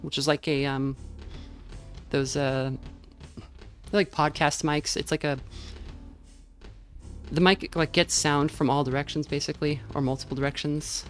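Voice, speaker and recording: A woman's voice: low-pitched, fairly even intonation, measured pace, pauses often. A woman streamer chatting casually over her gameplay, rambling into tangents with lots of fillers, speaking into a dynamic USB mic at home. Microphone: dynamic USB microphone. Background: faint game music.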